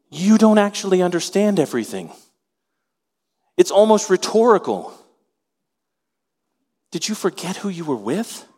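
Male pastor, higher voice, lively sermon delivery, long church reverb. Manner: animated, acts out voices in quotes.

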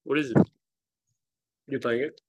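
A man's voice: medium pitch, steady tone, unhurried, slightly rough, low-quality recording. A man co-hosting a casual chat over a video call, blunt and swearing as he rambles. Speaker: podcast co-host.

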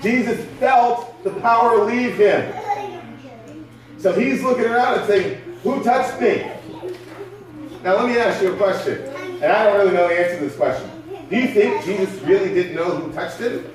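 Preacher with a high voice in an echoey hall. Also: male voice, distant mic. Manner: conversational preaching with rhetorical questions. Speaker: pastor. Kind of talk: sermon.

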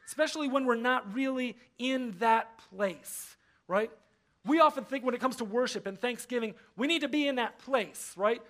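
A man's voice: extremely high pitch, fairly bright tone. A man pastor giving a casual, conversational sermon, often acting out the voices he quotes. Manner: conversational, acts out quoted voices, frequent fillers. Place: church.

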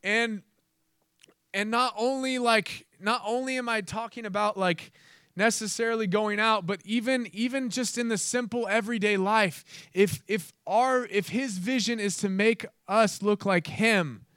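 High-voiced man preaching a sermon. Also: fairly even intonation, measured pace, fairly bright tone, clear, resonant tone, dry recording, studio quality. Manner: earnest, laughs at own jokes, playful asides.

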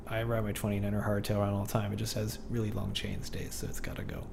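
A man as a podcast guest in casual chat, talking in a relaxed, rambling way. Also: fairly low pitch, fast talker, vocal fry, background noise.

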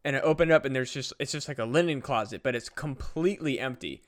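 A young man co-hosting a podcast tells a casual, rambling story packed with fillers and swearing. His voice is mid-range and his pace quick.

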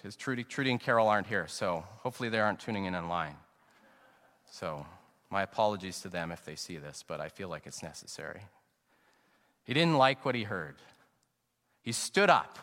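A middle-aged male pastor preaching an earnest, reflective sermon, slowing down to stress key phrases. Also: lowish voice, pushed and bright. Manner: earnest and reflective, anecdotal, slows down for emphasis. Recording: long reverb, sanctuary acoustics.

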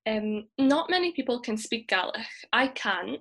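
A Scottish woman talking as a guest in a relaxed interview, chatty, laughing often and using many ums. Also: on the high side, measured pace. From Scotland. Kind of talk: casual interview chat.

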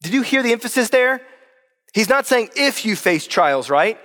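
Male pastor, high voice, casual conversational sermon, church sanctuary with long reverb. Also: very animated, normal speed, a bit bright. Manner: conversational preaching, addressing the congregation as guys.

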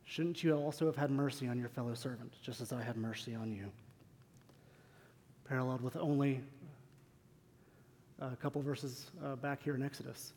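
A man's voice: mid-range voice, fairly even intonation, normal speed, pauses often, darkish tone, slight background noise. A man preaching a sermon in a church, earnest and emphatic, asking rhetorical questions of the congregation. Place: church sanctuary. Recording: long hall reverb.

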